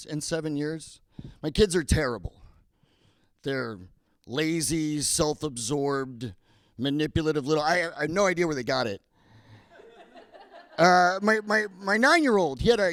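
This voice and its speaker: A man's voice: fairly high pitch, dry recording. A man in his thirties doing a stand-up set, self-deprecating and stammering into his punchlines. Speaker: stand-up comedian. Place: comedy club stage.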